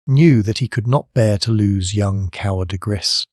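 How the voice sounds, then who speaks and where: A man with a low voice narrates a classic novel for an audiobook in a measured, steady manner. The sound is dry and close, with no room around it. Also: no room sound. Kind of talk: scripted narration.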